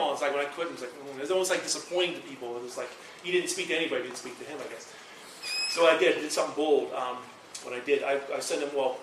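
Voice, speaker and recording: Fast-talking man lecturing in an echoey hall. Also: on the high side, a little hiss or hum. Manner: rambling, animated storytelling with quoted dialogue. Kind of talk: university presentation. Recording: echoey room from far off.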